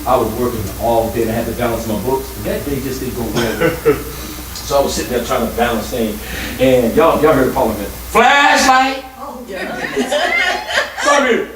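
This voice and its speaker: A man preaching a guest sermon, animated and playful, breaking into song, shouts and laughter. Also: medium pitch, moderate pace, a little hiss or hum. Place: church sanctuary. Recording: echoey church hall, mic at a distance, congregation. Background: congregation responding.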